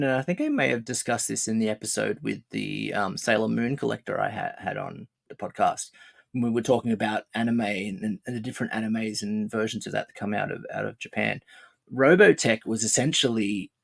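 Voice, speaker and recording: A man's voice: fairly low pitch, a little fast, vocal fry. A man hosting a podcast, asking his guest questions in a friendly, rambling way with many restarts. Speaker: podcast host. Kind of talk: casual podcast interview.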